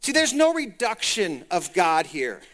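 A man preaching a sermon, animated and speaking straight to the congregation. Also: high-pitched, unhurried. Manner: animated, talks to the congregation directly.

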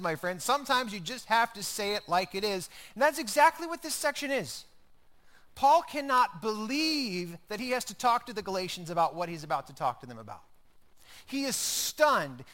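A man delivering a sermon with a high, bright voice. He preaches conversationally and drives his points home with repeated phrases. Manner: conversational preaching with emphatic repetition. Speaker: pastor.

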